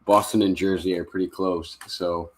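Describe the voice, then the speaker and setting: A man with a very low voice talks easily on a live stream from his home. He rambles a little, piles up fillers and laughs often. He grew up in Kentucky and keeps things relaxed. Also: normal speed, background noise. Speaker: livestream host. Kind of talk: casual live-stream chat.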